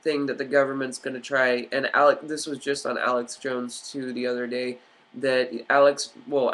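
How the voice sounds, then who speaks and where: A man's voice: medium pitch, fairly bright tone. A man ranting on a vlog in an agitated, profane, rambling way with many fillers. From United States. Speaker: vlogger.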